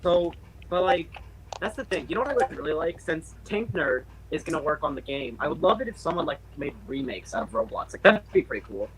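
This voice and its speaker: Casting: young man, casual rambler, a bit high-pitched, lots of "like" and restarts. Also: very animated, fairly quick, fairly bright tone, rough recording. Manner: rambling, many fillers and restarts. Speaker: channel host. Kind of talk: casual group call chat.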